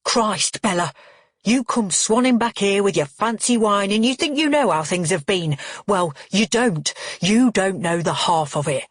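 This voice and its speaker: A woman reading the part of a vehement, hot-tempered middle-aged brother, husky-edged and dry. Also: high-pitched, animated, measured pace, hardly any pauses, no room sound, heavily acted. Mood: angry. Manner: vehement, scolding.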